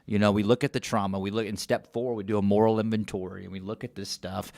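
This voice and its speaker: A man's voice: lowish voice, level tone, fast, creaky, darkish tone, no room sound. A man hosting a studio interview show, reacting with emphatic repeats and short exclamations. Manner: emphatic, repeats key phrases, reacts often. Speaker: podcast host. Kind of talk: casual interview chat. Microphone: studio microphone.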